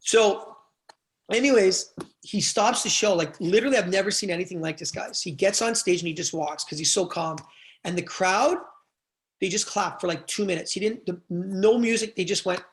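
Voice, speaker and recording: A man, a guest on a podcast, telling stories in a casual, animated way, with plenty of swearing. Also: high-pitched, moderate pace. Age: young adult to middle-aged. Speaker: guest, event promoter.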